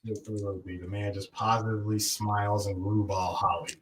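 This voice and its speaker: A man's voice: fairly low pitch, flat delivery, normal speed, fairly bright tone, distant mic, slight background noise, poor audio. A man co-hosting a podcast in casual chat, making dry corrections and wry asides. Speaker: podcast co-host.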